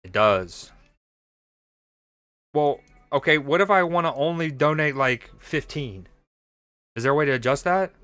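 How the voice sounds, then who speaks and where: A man's voice: fairly high pitch, animated, measured pace, long pauses, sharp tone, clean tone, no room sound. A young man streaming a mobile game, chatting casually and joking with his viewers as he plays. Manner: playful, jokey, reads chat aloud. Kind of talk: casual gaming stream chat.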